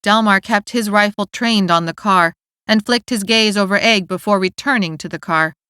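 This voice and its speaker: A woman narrating an audiobook in a steady, clear storytelling manner, recorded on a studio mic. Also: mid-range voice, normal speed, no echo. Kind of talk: scripted narration.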